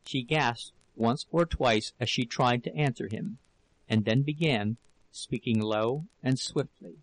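A man narrating a novel in an audiobook with a steady, measured reading. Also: medium pitch, rough recording. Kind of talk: scripted narration.

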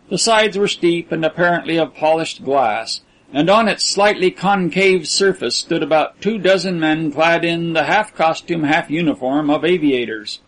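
A man narrating an audiobook in a measured, even storytelling manner. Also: a little high, rough recording.

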